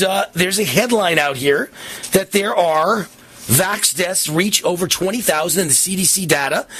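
A man with a high, husky voice hosts a talk radio show, ranting indignantly. He's animated throughout and acts out little scenes as he speaks.

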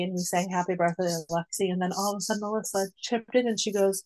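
A woman in her forties telling a long personal story in a casual, rambling way, full of fillers and lively quoted asides. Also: medium pitch, fast, hardly any pauses, low-quality recording. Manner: rambling, many "like" fillers, animated when quoting. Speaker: mother of a nonverbal daughter, guest.

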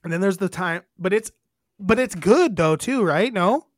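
A woman's voice: medium pitch, animated, no room sound, studio quality. A woman co-hosting a podcast in casual chat, brash and swearing, hurrying the talk along. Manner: brash, swears, rushes ahead. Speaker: podcast co-host.

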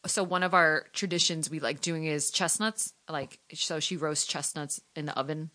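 A woman in casual chat, telling animated stories and acting out the voices of the people in them, laughing often. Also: sits low, normal speed. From family from Portugal.

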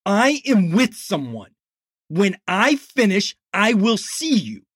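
A man's voice: mid-range voice, expressive, takes it slowly, a bit bright, no room sound, clean studio sound. A man doing a stern, commanding boss. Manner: barking, authoritative. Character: commanding male office boss, stern and forceful.

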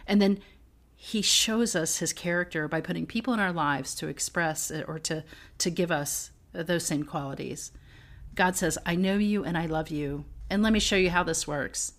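A woman's voice: on the low side, a bit bright. A middle-aged woman co-hosting a casual faith podcast, telling personal stories earnestly and laughing often. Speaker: podcast co-host.

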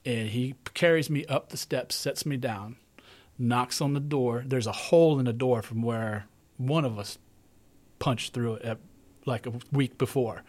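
A man's voice: mid-range voice, measured pace. A middle-aged man hosting a podcast, telling a long personal story in casual, rambling talk and often repeating himself. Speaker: podcast host.

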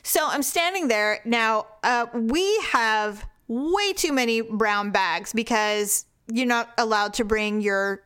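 Animated storytelling woman, slightly high voice. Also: slow pace, few pauses, smooth. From Northern California. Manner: storytelling, animated, laughs often. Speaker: podcast co-host. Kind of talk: casual chat.

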